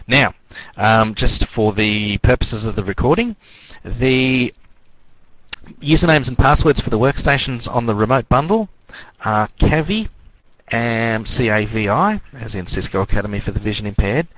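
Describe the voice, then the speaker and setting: A man's voice: mid-range voice, moderate pace, no room sound, rough recording. Man, networking instructor, easygoing rambling delivery, dry close sound. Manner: relaxed, rambling, filler-heavy. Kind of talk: online class lecture.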